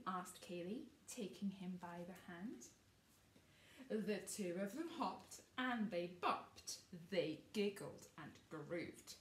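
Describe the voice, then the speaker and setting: A woman reads a picture book aloud to children, slow and unhurried with a lively, swooping voice. She asks the young listeners gentle questions as she goes. The sound is roomy, taken from a distance, with faint noise behind. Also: fairly low pitch. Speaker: storybook reader.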